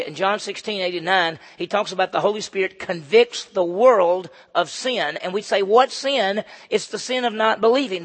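A man preaching a conversational, emphatic sermon as pastor, swinging between loud and soft. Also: sits high. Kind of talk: expository sermon. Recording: long hall reverb.

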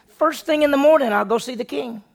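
A storyteller voicing a boastful, scheming male royal official in an excited, bragging manner. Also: medium pitch, fast, vocal fry. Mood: gloating.

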